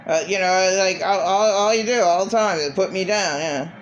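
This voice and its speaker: A woman's voice: medium pitch, moderate pace, highs cut off, slight background noise. A middle-aged woman vlogging in a blunt, profane, repetitive rant. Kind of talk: casual monologue.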